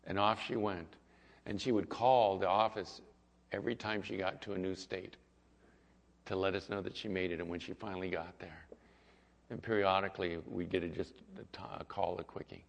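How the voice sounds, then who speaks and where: A man's voice: low-pitched, fairly even intonation, moderate pace, gravelly. Male pastor preaching in an echoey hall. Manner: storytelling, swings from loud to hushed. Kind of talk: sermon. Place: church sanctuary. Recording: echoey hall, dull lo-fi sound.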